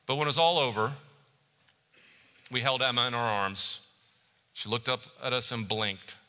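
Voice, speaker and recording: A man preaching a sermon as a pastor, telling stories with animation and dropping to a hush for reflective moments. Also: mid-range voice, normal speed, long reverb tail.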